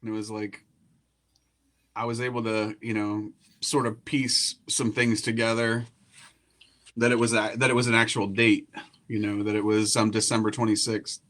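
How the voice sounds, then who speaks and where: A man co-hosting a podcast who makes relaxed, easygoing remarks in casual chat. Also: on the low side, normal speed. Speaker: podcast co-host.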